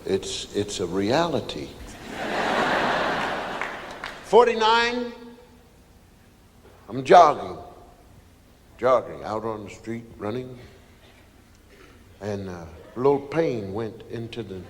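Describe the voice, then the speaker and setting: Slow-talking man in his forties, echoey hall. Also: fairly low pitch, expressive. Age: 40s. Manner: slow and halting, with many fillers. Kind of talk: reflective talk. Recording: echoey hall, faint crowd noise.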